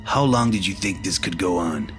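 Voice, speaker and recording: A woman's voice: very deep voice, lively intonation, normal speed, faint music behind, voice pushed down. A woman reading a screenplay, voicing a menacing scarred male thug with a put-on Russian accent. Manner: cold, threatening.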